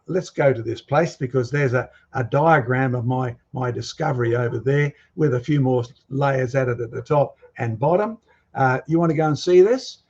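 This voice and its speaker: In a muffled lo-fi recording, a creationist speaker delivers an emphatic presentation lecture, firing questions at his audience. His voice is mid-range with a darkish tone.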